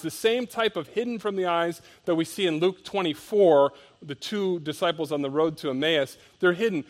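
Male pastor preaching, slightly high voice, reads scripture then explains it with strong emphasis and quiet drops. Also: brisk. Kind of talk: sermon.

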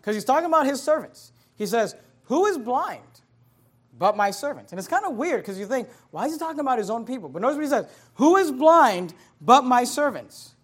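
A man pastor delivering a sermon, preaching emphatically and swinging between loud proclamation and low, quiet asides. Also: very animated, quick pace, breathy edge.

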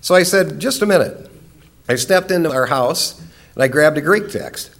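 A man with a high-pitched voice teaches a Bible class. He explains each point emphatically and slows down to lean on key words. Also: fairly bright tone.

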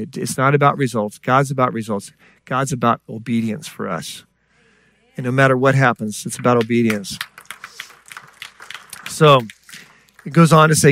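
A man's voice: mid-range voice, a bit bright, no room sound. A middle-aged man preaching a sermon in a conversational way, with asides and rhetorical questions to the congregation. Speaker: pastor.

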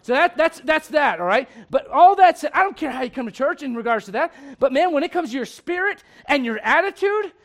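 Pastor, male, very high voice, lively sermon that swings from soft asides to shouting. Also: a little fast, hardly any pauses. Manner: animated preaching, swings from quiet asides to shouted emphasis; conversational, laughs with the congregation.

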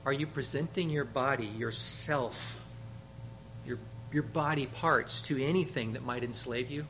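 Brief: male preacher, bright slightly high voice, emphatic sermon delivery, dull lo-fi recording with faint hiss. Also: unhurried. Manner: emphatic, rises loud on quoted scripture, repeats words.

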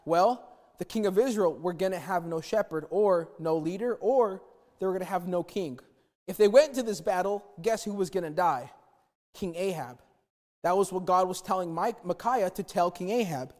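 High-voiced animated male preacher. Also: normal speed, big-room sound. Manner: animated storytelling, acts out quotes, repeats words. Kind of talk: sermon retelling a Bible story.

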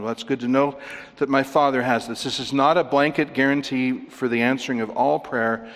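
A man's voice: medium pitch, steady tone, moderate pace. Emphatic male preacher in a reverberant hall. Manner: conversational, emphatic, with rhetorical questions and chuckles. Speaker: pastor. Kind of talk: sermon.

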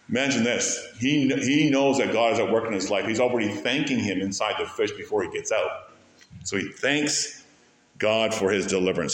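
A man preaching a sermon as pastor, with animated delivery that rises sharply to stress key words. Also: lowish voice, roomy sound.

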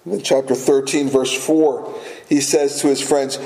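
A man's voice: medium pitch, steady tone, unhurried, warm tone. Earnest preaching man, echoey room. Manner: earnest, repeats key phrases for emphasis. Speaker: pastor. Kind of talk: sermon.

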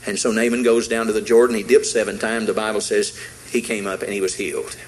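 A man's voice: on the low side, little pitch movement, fast talker, slight background noise, low-quality recording. A man preaching a sermon in a folksy, emphatic way, retelling a Bible story with acted-out quotes and repeated lines.

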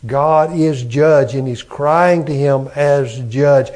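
A man preaching a sermon as pastor, slow and emphatic, building on repeated phrases. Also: medium pitch, steady tone, a little mellow.

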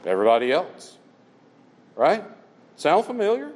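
Lively preaching man in a hall. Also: on the high side, moderate pace. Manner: animated preaching, rhetorical questions, reads scripture aloud. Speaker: pastor. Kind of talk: sermon.

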